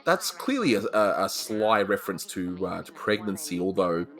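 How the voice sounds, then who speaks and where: A man's voice: deep voice, sing-song, moderate pace, a bit bright. A man with an Australian accent, chatting casually as a co-host reviewing old cartoons, laughing often between fillers. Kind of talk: casual chat.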